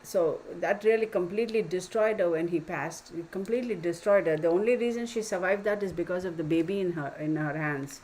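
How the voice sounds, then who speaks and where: A woman's voice: lowish voice, a little fast, few pauses, darkish tone, a little hiss or hum, rough recording. A woman hosting a tarot channel, chatting casually and opinionatedly with her viewers, often calling them y'all. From Texas. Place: home room with open window. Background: neighbor's dog barking.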